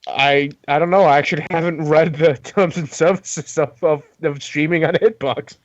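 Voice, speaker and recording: A man's voice: fairly high pitch, fairly even intonation, moderate pace, a little hiss or hum. Eager man player, muffled mic. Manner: eager, talkative. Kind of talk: casual tabletop play.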